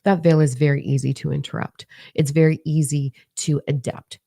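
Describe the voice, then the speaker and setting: A middle-aged woman with a low, gravelly, dark voice tells a story to her viewers in a blunt, profane way. She is animated and acts out the people in it. The sound is dry and close. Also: no echo. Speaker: spiritual video creator. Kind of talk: casual storytelling monologue.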